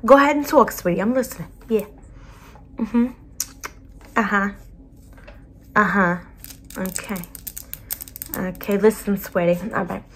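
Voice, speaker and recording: A woman voicing a brash, blunt school counselor with a New Jersey accent, in a whispered role-play. She talks with a breathy, soft voice and keeps calling the listener sweetie. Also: fairly high pitch.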